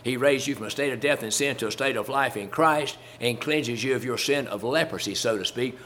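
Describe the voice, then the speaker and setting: A man's voice: medium pitch, brisk, a bit bright, a little hiss or hum. Man preaching in a folksy, conversational way. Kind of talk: sermon.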